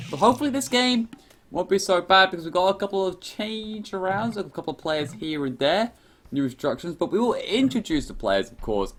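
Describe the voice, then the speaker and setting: A young man talks through a team strategy match in a loose, rambling way. He keeps correcting himself as he goes, and his voice rises and falls a lot in pitch. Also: fairly bright tone. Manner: rambling, chatty, self-correcting. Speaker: game commentator. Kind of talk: casual live game commentary.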